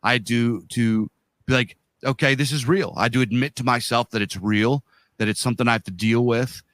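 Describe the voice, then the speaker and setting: A man's voice: mid-range voice, steady tone, fairly quick, a bit bright, no echo. A man in his thirties or forties co-hosting a podcast, talking bluntly in casual chat with lots of profanity and slang. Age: 30s to 40s. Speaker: podcast co-host.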